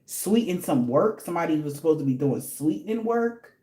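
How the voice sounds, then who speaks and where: A woman's voice: low voice, lively intonation, fairly quick, warm tone, echoey room. Profane, emphatic woman doing a reading. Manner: blunt, profane, slangy and emphatic. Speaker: tarot reader. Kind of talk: casual spiritual reading.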